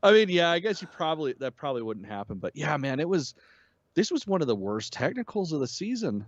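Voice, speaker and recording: A man co-hosting a casual review chat, relaxed and swearing, hedging his points and laughing along. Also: fairly high pitch, fairly quick, no room sound, highs cut off. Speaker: podcast co-host.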